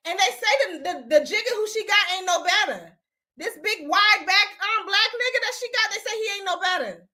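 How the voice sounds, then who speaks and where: Brief: young woman host, very high, bright voice, blunt, profane gossip commentary. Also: fairly quick. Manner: blunt, profane, heated ranting. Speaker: host of a gossip recap show. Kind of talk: casual commentary livestream.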